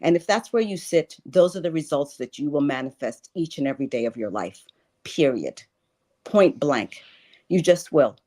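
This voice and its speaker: A woman's voice: low-pitched, expressive, normal speed, mellow. A woman in her sixties, a life and wealth coach, speaking earnestly as an interview guest and repeating phrases for stress. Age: 60s. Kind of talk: spiritual interview talk.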